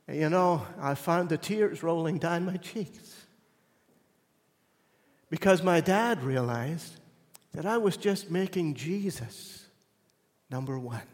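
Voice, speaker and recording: A pastor preaching at a deliberate, unhurried pace, his voice sitting a little high for a man. He swings from loud, emphatic declarations to hushed, near-whispered lines. The sound carries the long reverb of a church sanctuary. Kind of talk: sermon.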